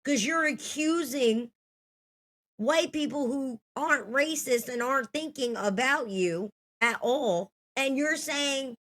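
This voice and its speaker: A woman's voice: sits high, slow pace, fairly bright tone. A woman in her thirties telling a story from her own life in a blunt, heated, profane way. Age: 30s.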